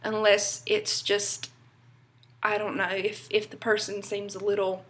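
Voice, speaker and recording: This young North Carolina vlogger speaks a little slowly with a Southern accent, her mid-range voice a bit bright and showing little pitch movement. Chatting casually to camera, she rambles on with plenty of fillers and light laughs.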